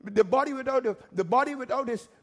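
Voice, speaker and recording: A male pastor preaching a sermon emphatically, firing rhetorical questions and rising to shouts. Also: very high-pitched, fast talker.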